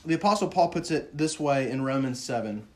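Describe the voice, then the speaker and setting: This is a man giving an expressive, brisk sermon full of earnest feeling. He questions his listeners directly, and his voice turns low and hushed on words of sorrow.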